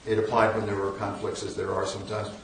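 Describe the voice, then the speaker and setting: An older man tells self-deprecating stories at a lecture, his somewhat low voice full of wry asides and little restarts. He sounds a little off-mic, carried across a large, booming hall. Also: completely flat delivery, fast, creaky, a little hiss or hum. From northern United States. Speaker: guest lecturer. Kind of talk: storytelling lecture. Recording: echoey hall, mic at a distance.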